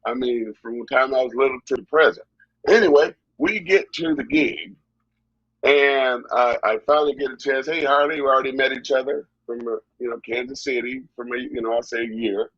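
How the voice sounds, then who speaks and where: A middle-aged man tells his story in a husky, slightly breathy voice, circling back and repeating himself as he goes. The sound is dry and somewhat dull, like lo-fi audio. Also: medium pitch, fairly quick, no echo. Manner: animated, repetitive storyteller. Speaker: wrestling guest. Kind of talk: storytelling interview.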